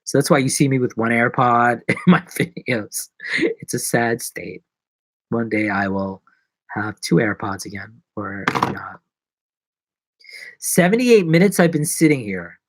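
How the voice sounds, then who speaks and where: A man chats to his live-stream viewers from his apartment, rambling from joke to joke and poking fun at himself. His pitch bounces up and down a lot. The sound is dry and close. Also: expressive, measured pace, no room sound. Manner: rambling, jokey, self-mocking. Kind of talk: casual live-stream chat. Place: apartment in New York.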